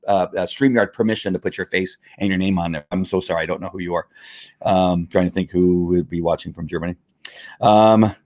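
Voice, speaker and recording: A man hosting a live stream, explaining dog training in a conversational, repetitive teaching manner with fillers. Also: on the low side. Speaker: livestream host and dog trainer.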